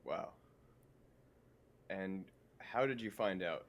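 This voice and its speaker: Male podcast host, calm and encouraging, easy conversational questions. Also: low-pitched, slow. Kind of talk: casual interview questions.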